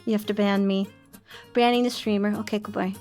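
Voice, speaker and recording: A woman's voice: mid-range voice, fairly even intonation, fairly quick, darkish tone, soft background music. A young woman streaming casual chat, bubbly and self-mocking, laughing often.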